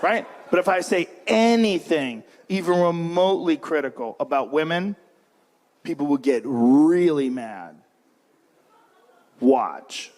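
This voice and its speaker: A man's voice: fairly high pitch, lively intonation, slow pace, big-room sound, very noisy. A man doing stand-up who teases the audience and acts out a bickering couple. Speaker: stand-up comedian. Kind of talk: stand-up routine.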